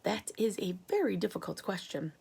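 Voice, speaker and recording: A woman as a fawning male spy in falsetto, lively and eager. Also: moderate pace, gravelly, slightly rough, heavily acted.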